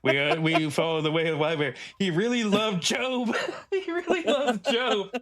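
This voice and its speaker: A man's voice: sits high, lively intonation, normal speed, a loud crowd, voice pushed up. A man putting on a reverent devoted follower.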